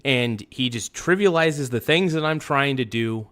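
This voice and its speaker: A man's voice: medium pitch, a little slow, a bit bright. Heated man ranting on a live stream. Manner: heated, profane, repeats himself, swings between muttering and outbursts. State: upset. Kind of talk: angry live-stream rant.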